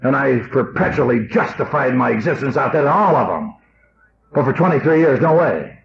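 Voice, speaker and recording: A man's voice: medium pitch, lively intonation, normal speed. A man in his fifties giving a blunt, emotional AA talk to an audience. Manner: rough, blunt and emotional storytelling. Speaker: AA speaker. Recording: dull old cassette tape with faint hiss.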